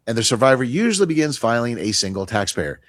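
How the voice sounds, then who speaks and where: On a dry recording, a middle-aged man runs a radio segment advising listeners on retirement taxes. His husky, mid-range voice swings widely in pitch at a quick pace, and he stays conversational and emphatic, going quieter for asides.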